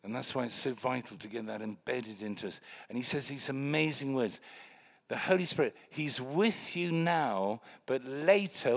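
An older man preaching a lively, joking sermon in a church meeting room, swinging between loud exclamations and hushed remarks. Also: medium pitch, normal speed, vocal fry.

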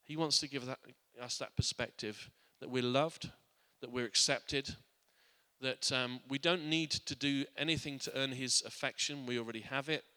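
A man preaches a sermon in a church, his medium-pitched voice very bright and forward, steady in tone, smooth, and at a normal speed. Long reverb fills the hall as he speaks earnestly, frequently restarting and repeating words and going soft and quiet when he turns reflective.

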